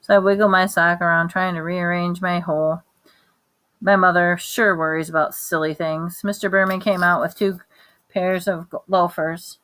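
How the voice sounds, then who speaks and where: A woman reading a children's novel aloud in plain, even storytelling, with small restarts. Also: fairly low pitch. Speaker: reader.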